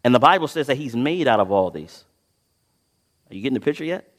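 A preacher delivering a sermon who reads scripture with dramatic swells and drops in volume and keeps asking the congregation to fill in the next word. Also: male voice, mid-range voice, lively intonation, fairly quick. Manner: asks the congregation to fill in words, then answers himself. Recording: long reverb of a large hall.

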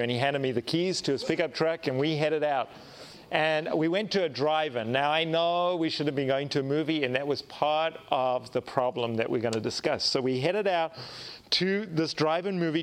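A man preaching a sermon, telling a personal story with lively acted-out dialogue and self-mocking humor. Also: fairly high pitch. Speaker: pastor.

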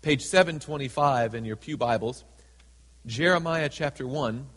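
A man preaching a sermon in a church, reading scripture slowly and dramatically and acting out the people in it. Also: mid-range voice, a bit bright. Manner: reads scripture slowly and dramatically, voices characters in asides. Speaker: pastor. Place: church sanctuary. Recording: hall with long reverb.

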